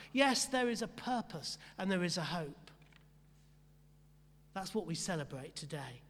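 A man's voice: high-pitched, fairly bright tone, big-room sound. A man preaching a sermon with rhetorical questions and repeated emphatic phrases, speaking. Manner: rhetorical, repetitive emphasis, asks the congregation questions. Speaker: pastor.

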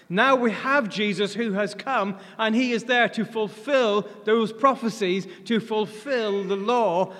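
A visiting preacher delivers his sermon in a relaxed, earnest way, often restarting his sentences. He is a man with a high voice. The sound rings with the long reverb of a large church hall. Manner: earnest, conversational, with frequent fillers and restarts.

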